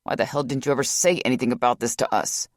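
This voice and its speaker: A man voicing a gruff male team leader who talks in a blunt, rumbling way. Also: fairly even intonation, fast talker, no room sound, lightly acted. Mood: startled, gruff.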